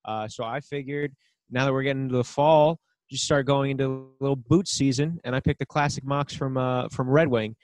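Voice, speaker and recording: Man, laid-back podcast co-host, agreeable and chatty; mid pitch, dry recording. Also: fairly even intonation, fairly quick, darkish tone, no room sound. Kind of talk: casual chat. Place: New York.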